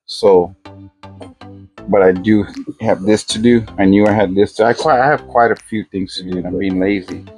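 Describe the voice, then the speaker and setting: A man's voice: fairly low pitch, fairly even intonation, moderate pace, a little mellow, soft background music. An older man chatting casually into his phone camera outside by his garage, rambling and easygoing as he works. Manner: rambling, easygoing, talks to himself while working. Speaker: vlogger. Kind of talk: casual day-in-the-life vlog. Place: outdoors by his garage, working on a fridge.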